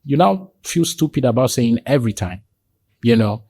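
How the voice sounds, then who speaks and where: A man's voice: expressive, normal speed, mellow, no room sound. A man, a podcast guest telling stories in conversation and acting out the voices of the people in them. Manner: acts out quoted dialogue with sudden high jumps in pitch. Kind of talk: animated storytelling in conversation.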